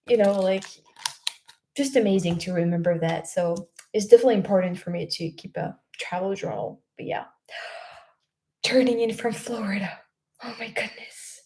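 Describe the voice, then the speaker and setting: A woman's voice: mid-range voice, normal speed, mellow. A young French woman hosting a casual livestream, reading out viewer comments, chatty and laughing often, with many fillers and restarts. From France.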